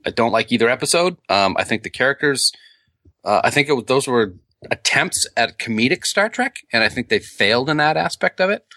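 A man's voice: medium pitch, animated, a little fast, bright, forceful tone, dry recording. A man co-hosting a casual fan podcast, rambling with frequent ums and restarts. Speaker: podcast co-host.

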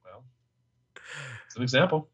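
A man's voice: moderate pace, highs cut off. A man co-hosting a podcast in casual chat, joking and rambling with plenty of fillers. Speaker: podcast co-host.

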